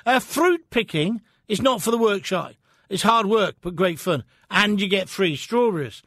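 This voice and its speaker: A man's voice: sits high, animated, moderate pace, a bit bright, dry recording, clean studio sound. A man hosting a phone-in radio show, talking in a blunt, opinionated and chatty way. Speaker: radio talk show host. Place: radio studio.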